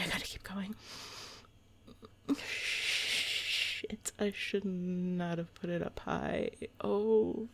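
A young woman reciting tongue twisters, giggly and swearing, coaching herself along in a breathy half-whisper. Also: medium pitch, steady tone, takes it slowly, long pauses, a bit bright. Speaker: content creator.

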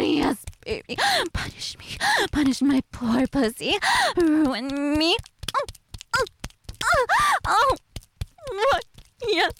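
A woman's voice: gravelly, a little hiss or hum. Breathless, moaning woman in adult audio role-play. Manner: moaning, breathless, shifts from low purr to high cries. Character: married older woman, lustful and brazen.

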